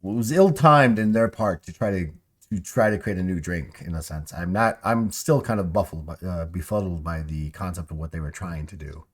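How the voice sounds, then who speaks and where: A man's voice: sits low, normal speed. A man narrating a tabletop game as game master, rambling with many fillers and restarts.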